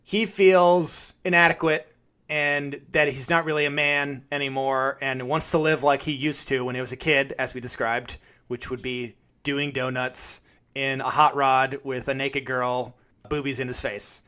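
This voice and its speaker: A man's voice: medium pitch, flat delivery, unhurried, bright, forceful tone, smooth. A man co-hosting a podcast, chatting casually about films, laughing often and swearing freely. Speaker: podcast co-host. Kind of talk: casual film chat.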